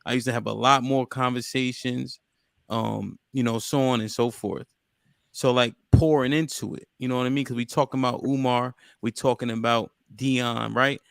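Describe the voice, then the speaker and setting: A man's voice: mid-range voice, fairly even intonation, moderate pace, creaky, fairly bright tone, clean tone, no room sound, clean studio sound. A man hosting a casual group podcast discussion, blunt and swearing freely. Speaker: podcast host.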